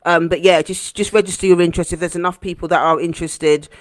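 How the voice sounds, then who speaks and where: A woman hosting a heartfelt motivational live stream as a coach, earnest and gentle, repeating phrases for emphasis. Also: lowish voice, steady tone, quick pace, dry recording, studio quality. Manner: gentle, encouraging.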